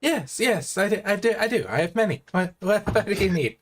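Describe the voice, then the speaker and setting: A man's voice: sits high, expressive, moderate pace, voice pushed up. A man voicing an eager male halfling shopkeeper who fusses and repeats himself.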